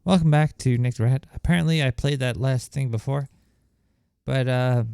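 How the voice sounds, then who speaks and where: A man's voice: medium pitch, steady tone, moderate pace, creaky, darkish tone, clean tone, dry recording. Man, show host, laid-back chat, reads donations, dry close sound. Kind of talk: casual show hosting.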